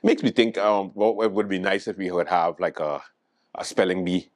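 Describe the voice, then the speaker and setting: A low-voiced man speaks at a moderate pace, hosting a late-night show. He riffs through a comic monologue, sounding exasperated and mock-incredulous, and stumbles over repeated words for laughs.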